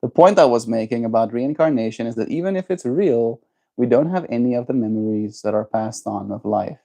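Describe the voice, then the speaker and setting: A man's voice: medium pitch, brisk, creaky, mellow. A man livestreaming, musing in loose casual chat and answering his viewers' messages.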